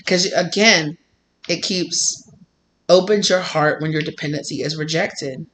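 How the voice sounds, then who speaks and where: Tarot reader: casual, animated, bright tone, quick to laugh. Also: mid-range voice, slight background noise. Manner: animated, laughing, acts out quotes. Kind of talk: casual spiritual reading.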